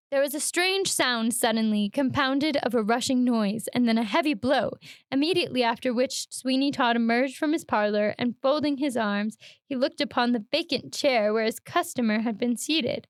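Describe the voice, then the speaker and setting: High-voiced woman reading a story aloud. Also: moderate pace, no echo, clean studio sound. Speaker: host.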